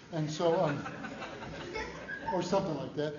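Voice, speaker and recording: An older man preaching a storytelling sermon in a folksy, humorous, animated way. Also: on the high side, takes it slowly, echoey room, muffled recording, noisy background.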